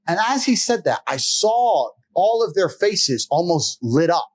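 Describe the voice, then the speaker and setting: A man's voice: high voice, sing-song, unhurried. A man in a podcast chat, telling boastful stories in a brash, profane way and laughing often. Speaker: podcast guest. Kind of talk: casual storytelling chat.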